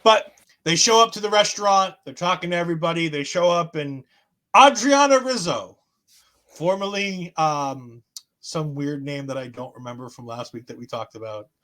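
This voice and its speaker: A man co-hosting a podcast, recapping in animated, casual chat and acting out what others said. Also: a little high, normal speed. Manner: animated storytelling, acts out quotes. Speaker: podcast co-host.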